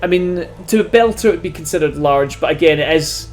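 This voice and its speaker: A game master narrating a tabletop role-playing game, chatty and loose, with frequent laughter. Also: female voice, low-pitched, fairly quick, a little mellow, soft background music. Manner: chatty, laughs often, says "yous".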